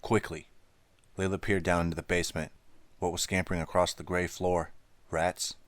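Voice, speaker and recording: A man narrating a teen thriller audiobook in a steady, measured way. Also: low voice, no echo. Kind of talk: scripted narration.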